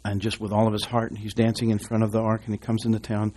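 A man's voice: fairly low pitch, completely flat delivery, fast, a little mellow. A man preaching a sermon in a church, rambling and folksy with asides and restarts, reading scripture aloud to his congregation. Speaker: pastor.

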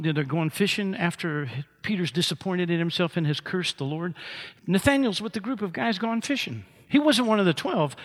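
A pastor preaching a sermon, acting out the scripture dialogue with big swings in his voice. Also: on the high side.

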